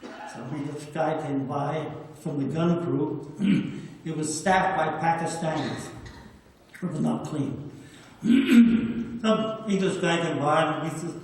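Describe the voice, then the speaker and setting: Older veteran, nineties, raised man's voice, homespun storyteller, miked from a distance in a booming hall. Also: takes it slowly, a little mellow. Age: 90s. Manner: plain-spoken, anecdotal, repeats words for emphasis. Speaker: WWII veteran speaker. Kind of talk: storytelling talk. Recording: echoey hall, distant mic.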